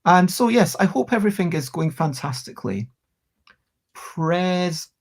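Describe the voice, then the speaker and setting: A streamer chatting at home while playing a word game live, breaking into excited outbursts and thanking viewers. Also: medium pitch, normal speed, slightly rough.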